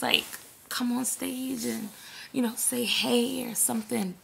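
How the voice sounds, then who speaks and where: Woman, New York accent, hoarse, gravelly, indignant storytelling rant. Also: fairly high pitch, unhurried, slight background noise. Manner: animated, indignant, swears freely. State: hoarse from screaming. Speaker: vlogger telling a story.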